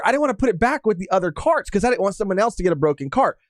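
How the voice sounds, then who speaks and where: A man co-hosting a podcast, telling an anecdote in a calm, measured way. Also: high voice, no echo, clean studio sound. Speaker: podcast co-host. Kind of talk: casual storytelling.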